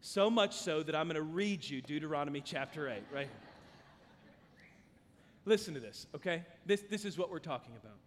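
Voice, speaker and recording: A man's voice: on the high side, animated, normal speed, pauses often, a little hiss or hum. A man preaching a sermon as pastor, earnest and emphatic, mixing scripture with personal stories. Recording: long hall reverb.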